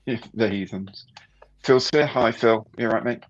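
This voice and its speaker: A man's voice: medium pitch, normal speed, muffled recording, a little hiss or hum. A man hosting a casual live stream, chatting and greeting viewers by name.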